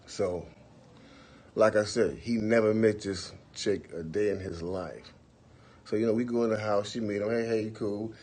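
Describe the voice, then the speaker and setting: A man's voice: fairly low pitch, normal speed, a little mellow, a little hiss or hum. A man hosting a phone livestream, telling stories to his viewers in a laid-back, profane way, often saying "for real" and "you know what I'm saying". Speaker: livestream host. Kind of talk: casual storytelling to viewers.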